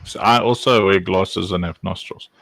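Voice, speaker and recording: A man's voice: sits low, steady tone, moderate pace, creaky, a bit bright, no room sound. A man hosting a casual talk show, joking and rambling with lots of fillers. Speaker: host. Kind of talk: casual chat.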